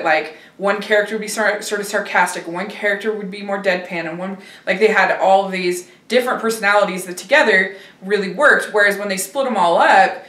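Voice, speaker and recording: A woman's voice: medium pitch, a bit bright. Hesitant woman host, roomy and distant. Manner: hesitant, many fillers and restarts. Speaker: film review host. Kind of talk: casual film discussion.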